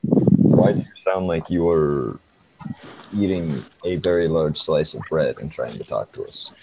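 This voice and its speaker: A man's voice: a bass voice, unhurried, gravelly, warm tone, slight background noise, poor audio. A man on a casual group podcast, tossing off dry sarcastic quips and teasing questions.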